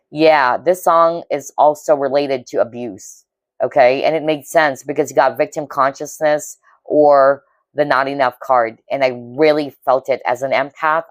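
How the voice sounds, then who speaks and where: Woman, low-pitched, earnest empathic tarot reader, dry close recording. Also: dry recording. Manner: earnest, intuitive, frequent "okay?" check-ins; emotionally moved, empathic. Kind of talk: pick-a-card tarot reading.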